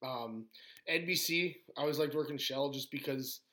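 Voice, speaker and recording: A man's voice: mid-range voice, normal speed, sharp tone. A man, a former pro wrestler, rambling through stories in casual podcast chat with lots of fillers and laughter.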